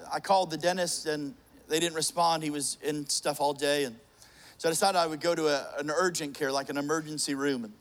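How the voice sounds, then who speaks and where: A middle-aged man preaching a sermon, telling a funny personal story with jokes and many restarts. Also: a little high. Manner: joking, storytelling, frequent restarts.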